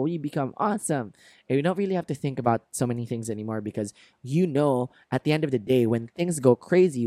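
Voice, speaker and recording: A man's voice: a little high, darkish tone, no echo. Earnest motivational male podcaster, dry sound. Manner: earnest, encouraging, laughs at himself. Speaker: podcast host. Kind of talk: motivational self-help monologue.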